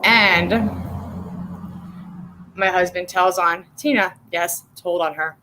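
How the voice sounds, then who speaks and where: A woman's voice: lowish voice, steady tone, slow pace, sharp tone. Blunt, profane woman livestreaming. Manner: blunt, profane, talks straight to chat; greets viewers by name between stories. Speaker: livestream host. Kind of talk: casual livestream chat.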